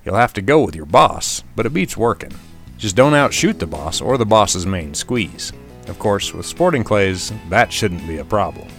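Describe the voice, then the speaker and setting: A man's voice: on the low side, lively intonation, normal speed, fairly bright tone, soft background music. A man hosting a short outdoors radio segment, reading a scripted commentary in a wry, self-deprecating way.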